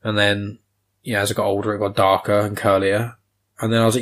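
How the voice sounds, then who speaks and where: Young man, low-ish voice, blunt opinions, casual podcast chat. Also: flat delivery, brisk, fairly bright tone. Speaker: podcast host.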